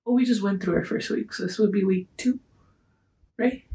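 A woman's voice: mid-range voice, normal speed, dark tone, poor audio. A young woman hosting a casual solo podcast, chatty and rambling, poking fun at herself and dropping in the odd Spanish phrase. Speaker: podcast host.

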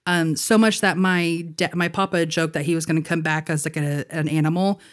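A woman's voice: low-pitched, steady tone, a little fast. A young woman co-hosting a podcast, telling a personal story in a casual chat, laughing often and leaning on fillers like "like" and "you know.". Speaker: podcast co-host.

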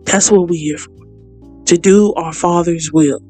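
A woman's voice: fairly low pitch, a little slow, warm tone, faint music behind. A woman hosting a podcast Bible study, talking casually and earnestly to her listeners and leading them in fervent prayer.

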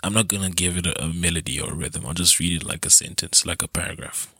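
Solo host, male, deep and punchy, dry close sound, loose rambling delivery. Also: fairly even intonation, quick pace, sharp tone, slightly rough, no room sound. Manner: rambling, self-interrupting, laughs at himself. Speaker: podcast host. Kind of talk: casual solo chat.

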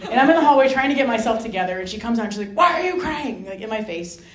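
A woman from Rhode Island, a Franciscan sister, telling a personal story as a guest speaker, lively and self-mocking, acting out the voices in her story. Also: fairly high pitch, rapid-fire. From Rhode Island, USA. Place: hall with an audience. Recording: roomy echo.

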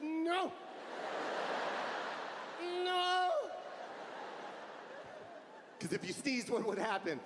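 A male stand-up comedian on a large arena stage, loud and profane, often shouting his punchlines into a handheld mic. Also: extremely high pitch, sing-song, drawn-out words, pauses often, echoey room, big-room sound. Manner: profane, brash delivery. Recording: live arena recording with audience noise. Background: audience laughter and crowd ambience.

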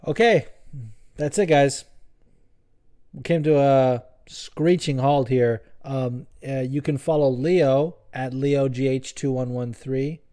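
Man, podcast host, rambling casual chat, swears a lot, jokey, mellow tone. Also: mid-range voice, slow. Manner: rambling, profane, joking.

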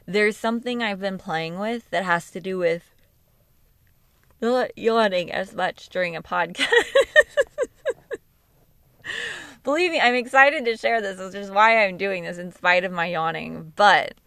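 A woman's voice: medium pitch, gravelly, fairly bright tone, no echo. Sleepy woman podcast host, reflective casual monologue, dry sound. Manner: slow, musing, with laughs and self-corrections. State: sleepy, yawning. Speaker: podcast host and yoga teacher.

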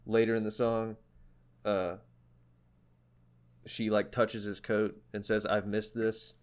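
A young man chatting on a podcast about music, his voice sitting a little low. He talks in loose, rambling stretches full of fillers and restarts. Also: little pitch movement, slow. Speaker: podcast co-host. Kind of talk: casual chat about music.

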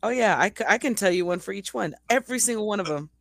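A woman's voice: medium pitch, lively intonation, fast, gravelly, dry recording. A woman co-hosting a casual faith podcast, talking earnestly and telling stories with many restarts. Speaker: podcast co-host.

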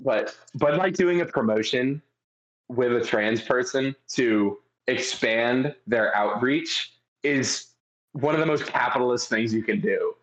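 Excitable, laughing podcast co-host. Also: male voice, mid-range voice, a little slow, poor audio. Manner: excitable storyteller, laughs a lot, swears casually. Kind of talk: casual podcast chat.

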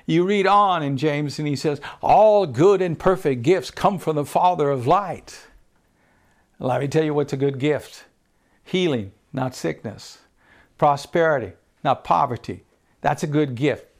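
A male pastor preaching a sermon, pushing his voice up on scripture and dropping it low for stress. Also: vocal fry.

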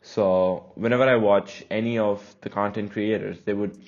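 A young man from India hosts a casual solo podcast, speaking with an American-leaning accent. He talks in a chatty, rambling, self-conscious way, his voice sitting fairly low. The recording sounds a bit dull and lo-fi. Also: steady tone, moderate pace, a little mellow. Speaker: podcast host.

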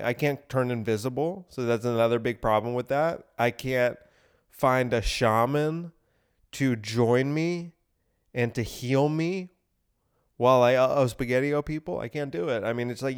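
Rambling man with a smooth voice. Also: mid-range voice. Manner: rambling, repetitive, laughing at his own bit. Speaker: podcast host. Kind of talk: casual comedic monologue.

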